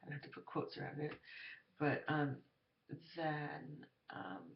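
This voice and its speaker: A woman's voice: low-pitched, lively intonation, takes it slowly, gravelly, a little hiss or hum. A woman telling a story in a casual monologue, rambling and hesitant, full of fillers. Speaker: vlogger. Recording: roomy, dull lo-fi recording.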